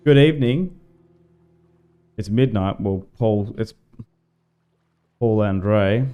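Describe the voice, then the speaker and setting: An Australian man streaming a strategy game, talking loosely to his viewers and drifting between topics with plenty of fillers. His voice sits a little low and sounds clean and smooth. Soft game music plays faintly underneath. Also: slow pace, narrow, tinny audio. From Tasmania, Australia. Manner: rambling, chatty, greets and answers chat, many "like" fillers. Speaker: gaming livestreamer. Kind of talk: casual livestream commentary while playing.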